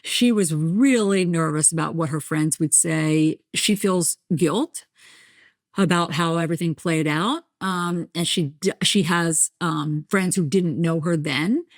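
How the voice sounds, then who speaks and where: This middle-aged woman, a journalist from New Jersey, keeps a light New Jersey accent. She speaks in a somewhat low voice, telling stories candidly, acting out other people's lines and laughing at herself. Her voice is recorded close and dry. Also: unhurried, no echo. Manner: animated storyteller, acts out voices, self-deprecating. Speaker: podcast guest, journalist and author. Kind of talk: candid conversational interview.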